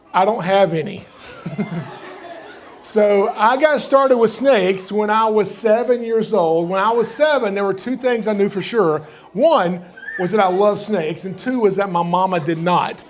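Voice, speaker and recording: A man's voice: sits high, a little hiss or hum. A middle-aged man with a Southern US accent from Georgia, telling folksy, joking stories as he gives a live reptile program to an audience in a library. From Georgia, USA. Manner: joking, folksy, animated storyteller. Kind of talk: live storytelling talk to an audience.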